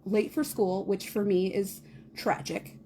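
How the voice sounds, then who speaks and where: A woman in her thirties, a podcast co-host, telling a chaotic morning story in a casual, animated way, often laughing and acting out quotes. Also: a little slow, slight background noise. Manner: animated, laughing, acts out quotes in a high squeal.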